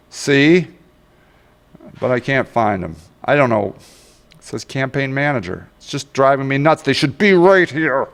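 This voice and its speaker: A man with a smooth, medium-pitched voice leads an informal, wandering screen-share tutorial about social media marketing, cracking self-deprecating jokes and getting irritated when the tool won't cooperate. There's a long reverb tail on the sound.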